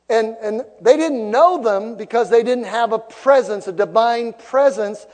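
A man preaching a sermon to a congregation, emphatic, building to loud rising peaks. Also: very high voice, measured pace, few pauses. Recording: long reverb of a large hall.

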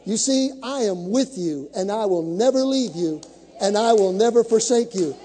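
A man's voice: high-pitched, lively intonation, normal speed, mellow, big-room sound. A male pastor preaching a sermon to a congregation, with dramatic build-ups, acting out the scripture stories he tells.

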